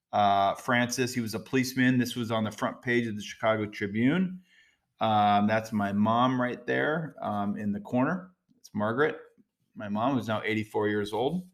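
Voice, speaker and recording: A man's voice: fairly low pitch, a bit bright. Middle-aged man hosting a casual podcast. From United States. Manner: conversational, direct, with frequent fillers and asides. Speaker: podcast host. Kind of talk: casual solo podcast talk.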